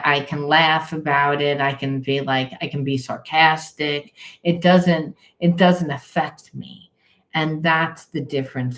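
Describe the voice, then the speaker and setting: Brief: middle-aged woman, spiritual coach, lowish voice, casual blunt storytelling that acts out the voices she quotes.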